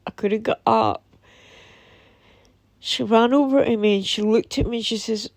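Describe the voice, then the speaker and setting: A Scottish woman telling a painful personal story in a halting, somber way, with many pauses and restarts. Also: a little high, vocal fry, a little mellow, dry recording. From Scotland. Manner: somber and emotional. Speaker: vlogger. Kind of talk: personal testimony.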